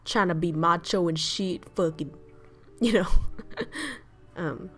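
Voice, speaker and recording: A woman's voice: fairly low pitch, slow, a bit bright, soft background music. A woman streaming casual chat as a VTuber, ranting bluntly with lots of swearing, laughing and answering chat messages.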